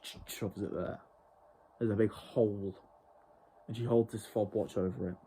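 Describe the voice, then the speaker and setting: A man's voice: lowish voice, fairly even intonation, moderate pace, warm tone, a little hiss or hum. A man reviewing a TV show in an exasperated, profane rant. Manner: exasperated, heavily profane ranting. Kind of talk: ranting review vlog.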